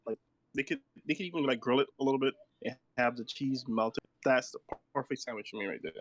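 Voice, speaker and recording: A man in casual chat, laid-back and halting, often restarting his words. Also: mid-range voice, a bit bright, no echo. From New York.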